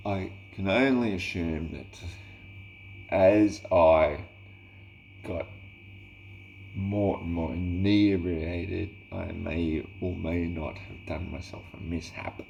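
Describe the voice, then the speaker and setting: A man's voice: sits low, slow, vocal fry, long pauses, a little mellow, soft background music. A man rambling in a casual vlog monologue, swearing constantly and chuckling, with a mock-exasperated, slightly tipsy manner. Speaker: vlogger.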